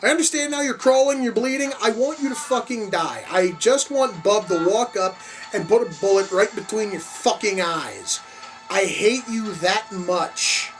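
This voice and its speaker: Excitable, foul-mouthed movie reaction host, recorded at a distance. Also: mid-range voice, normal speed. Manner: excitable, profane, openly gleeful at gore. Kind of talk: casual movie reaction commentary. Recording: distant mic with faint music behind.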